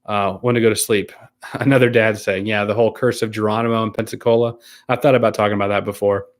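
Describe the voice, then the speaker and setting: A man with a slightly low voice hosts a casual live stream, reading viewer comments aloud one after another. He answers in an easygoing, unhurried way, pausing on ums and restarting his sentences. He laughs easily as he talks. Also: little pitch movement. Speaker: YouTuber hosting a live stream.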